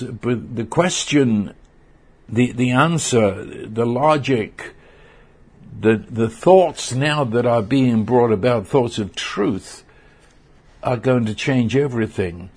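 A man preaching a sermon, earnest and halting, often repeating words as he searches for them. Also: medium pitch, darkish tone, husky.

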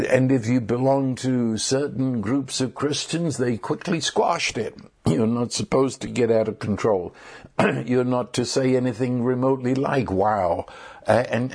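A man preaching a sermon, halting and repeating words, with sudden bursts of excited emphasis. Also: mid-range voice.

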